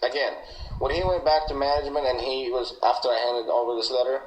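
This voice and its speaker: In an interview recorded in an echoey room with faint background noise, a Malaysian man who is a former coworker gives an earnest, emphatic account, often repeating and restarting his words. His voice is medium-pitched and steady in tone, and he talks fast.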